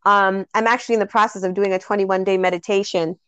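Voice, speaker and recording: A woman's voice: medium pitch, steady tone, quick pace, fairly bright tone, smooth, no room sound, muffled recording. A woman hosting a casual spiritual podcast, telling heartfelt stories and laughing often. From Jamaica. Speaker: podcast host.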